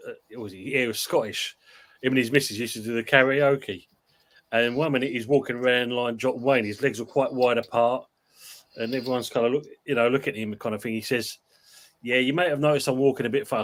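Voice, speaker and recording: Man host reading fan comments. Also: medium pitch. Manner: rambling storyteller, laughs often. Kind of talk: casual football chat.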